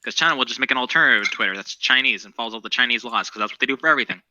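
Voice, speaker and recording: A man's voice: mid-range voice, rapid-fire, bright, forceful tone, highs cut off. A man co-hosting a podcast, chatting casually about current events in a rambling, profane, opinionated way. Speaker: podcast co-host.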